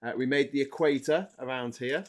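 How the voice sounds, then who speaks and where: A man hosting a podcast from a small room at home, heard over a video call. His voice is mid-pitched, and he rambles casually, restarting his sentences and breaking into animated asides. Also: fairly quick. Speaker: podcast host. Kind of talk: casual chat.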